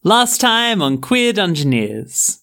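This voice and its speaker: A narrator reading a scripted recap of a previous session in a measured storytelling delivery. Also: mid-range voice, big pitch swings, fairly bright tone. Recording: narration over guitar music.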